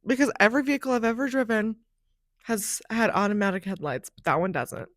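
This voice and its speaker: A young woman hosting a podcast, telling a personal story in a chatty, animated way, often saying "like", on a close microphone. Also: a little high, brisk, no echo. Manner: animated, chatty, heavy use of "like". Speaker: podcast host.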